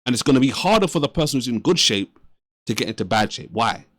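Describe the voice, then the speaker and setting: A man's voice: mid-range voice, expressive, fast talker, fairly bright tone, dry recording. A man hosting a reaction video, giving earnest, preacher-like commentary and asking and answering his own questions. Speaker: reaction channel host.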